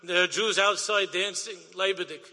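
Bright, high-voiced male storyteller. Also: moderate pace. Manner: animated, repetitive, sing-song emphasis. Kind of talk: inspirational storytelling. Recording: long hall reverb.

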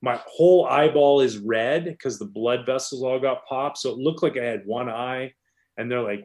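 A man, a former professional pitcher, telling stories in a casual interview, animated and rambling with many restarts. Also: moderate pace.

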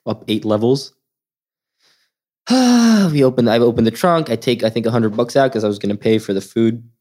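A young man raised in Sweden, chatting as a podcast guest. He tells his stories with energy and slips into quick impressions of the people in them. His voice sits mid-range, with a relaxed, casual delivery. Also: medium pitch. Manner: animated storyteller, acts out voices in quoted lines. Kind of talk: casual storytelling.

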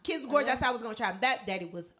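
A woman in her thirties co-hosting a casual chat, telling a story with lots of laughter and animated asides. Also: a little high, racing, crowd noise. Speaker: podcast co-host.

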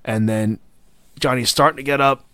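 A man's voice: mid-range voice, moderate pace, clear, resonant tone, dry recording. A man co-hosting a casual wrestling review podcast who gets worked up, swears, and acts out what the wrestlers said. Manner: excitable, swears, acts out quotes. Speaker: podcast co-host.

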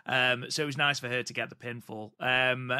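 A man's voice: medium pitch, fairly even intonation, pushed and bright, smooth. A man co-hosting a podcast, reviewing wrestling matches in a casual, hesitant way with many filler sounds. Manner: hesitant, many ums, measured opinions. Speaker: podcast co-host.

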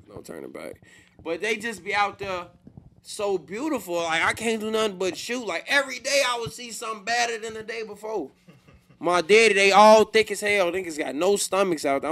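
Give me a young man with a bright, sharp voice, chatting animatedly with friends on a podcast. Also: high voice, gravelly, a little hiss or hum. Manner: animated storytelling, laughing often. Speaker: podcast co-host. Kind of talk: casual chat among friends.

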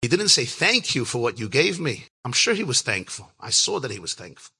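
A man telling a heartfelt personal story as a rabbi, his voice very bright with a husky, breathy edge. He speaks earnestly and reflectively, jumping up in pitch to act out the lines he quotes. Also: fairly quick. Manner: animated, acts out quoted lines with big pitch jumps. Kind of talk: storytelling talk.

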